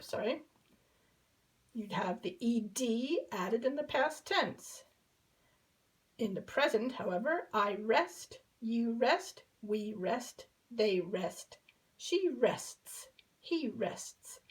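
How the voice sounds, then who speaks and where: Brief: female teacher, slightly high voice, unhurried, patient children's lesson tone. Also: animated, rough recording. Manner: patient, repeats each verb form in drills. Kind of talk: slow classroom explanation.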